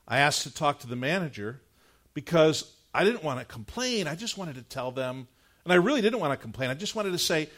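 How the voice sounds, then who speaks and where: A middle-aged male pastor preaching a sermon, telling a personal story in an animated, conversational way before leading into prayer. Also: sits high. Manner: earnest, measured prayer closing the sermon.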